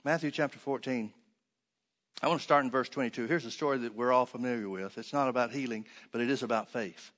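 A man preaching a sermon, reading scripture aloud and then explaining it with rhetorical questions, swinging between loud emphatic stresses and hushed asides. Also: mid-range voice, fast.

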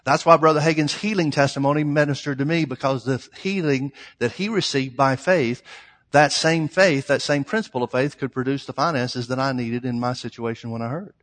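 A man's voice: mid-range voice, brisk, a bit bright. A man preaching a sermon, emphatic, stretching out the scripture lines he reads. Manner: emphatic, reads scripture in old-style phrasing. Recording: long hall reverb.

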